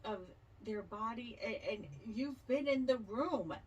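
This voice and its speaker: A woman's voice: a little high, a little slow, darkish tone, slightly rough, distant mic, highs cut off. A woman co-hosting a casual podcast, teasing her partner and cutting in with quips. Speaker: podcast co-host. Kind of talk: casual chat.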